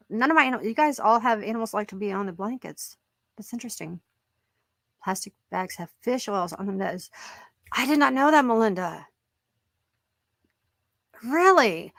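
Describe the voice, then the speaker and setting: A woman's voice: medium pitch, creaky, a bit bright, dry recording, studio quality. A middle-aged woman hosting a casual live-stream chat, rambling and joking about her pets and laughing often as she reads comments. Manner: rambling and jokey, laughs a lot.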